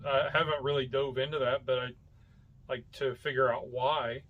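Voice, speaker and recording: A man's voice: medium pitch, flat delivery, moderate pace, muffled recording, slight background noise. Rambling man chatting on a podcast. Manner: rambling, searches for words with many fillers. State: coughing from hot coffee. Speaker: podcast co-host. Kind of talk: casual chat.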